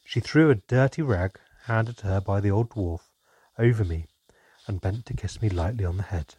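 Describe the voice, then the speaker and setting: Male audiobook narrator, mellow and husky, steady fantasy reading. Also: on the low side, normal speed, no echo.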